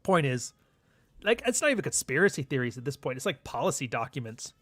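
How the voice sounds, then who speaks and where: A man's voice: medium pitch, very animated, quick pace, fairly bright tone, no room sound. A young man, hosting a livestream in a sardonic, profane, rambling monologue. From Canada. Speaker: livestream host. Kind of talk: casual ranting monologue.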